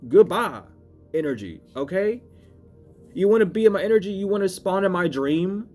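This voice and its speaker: A man giving a casual spiritual reading to camera, rambling and cursing, swinging between loud urging and low asides. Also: lively intonation, brisk, faint music behind. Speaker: spiritual reader.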